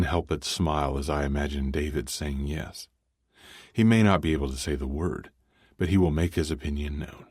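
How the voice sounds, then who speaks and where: A male narrator reads a first-person romance novel in a measured, dry way. His voice sits extremely low with a husky edge, recorded close with no room around it. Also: steady tone, darkish tone, dry recording. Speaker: audiobook narrator.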